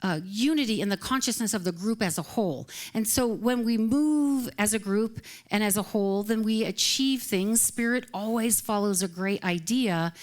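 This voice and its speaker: A woman's voice: mid-range voice, moderate pace, hardly any pauses. A woman minister giving a casual live sermon, chatty and light, often laughing between phrases. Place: live service at a spiritual center.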